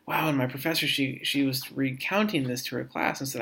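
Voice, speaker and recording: In this part of the recorded lecture the instructor's mid-range voice sounds sharp, with a bit of hiss or hum. He still reasons aloud haltingly, restarting and repeating himself as he goes.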